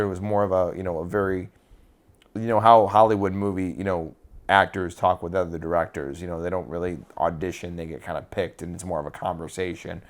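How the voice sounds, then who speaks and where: A man's voice: low voice, flat delivery, brisk. A man co-hosting a podcast, talking casually and rambling, with frequent fillers, restarts and the odd swear word. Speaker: podcast co-host.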